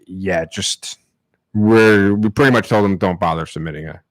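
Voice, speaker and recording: A man with a low voice rambles through a story in casual chat, leaning on fillers. He is recorded close and dry. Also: normal speed, no echo.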